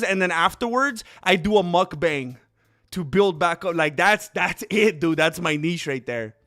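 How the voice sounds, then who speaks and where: A man hosting a casual livestream, chatting in a rambling, excitable way and calling viewers dude and bro. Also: a little high, normal speed. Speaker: streamer host.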